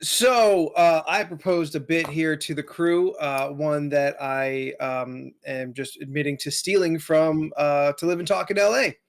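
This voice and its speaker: A man co-hosting a podcast in casual banter, halting with many fillers and restarts. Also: fairly high pitch, fairly even intonation, creaky. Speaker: podcast co-host.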